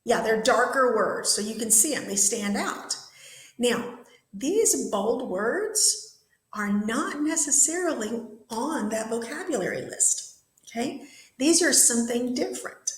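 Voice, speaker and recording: A woman's voice: a little high, expressive. Woman teacher in an echoey classroom. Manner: slow, careful enunciation of vocabulary words. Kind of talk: classroom vocabulary lesson.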